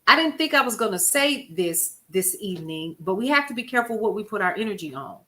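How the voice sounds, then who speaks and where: A woman hosting a casual livestream, talking to viewers in a folksy, expressive way, calling out names from the chat and telling stories with lively quoted asides. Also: mid-range voice, a little fast. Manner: expressive, folksy, animated storytelling with chat shout-outs. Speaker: livestream host.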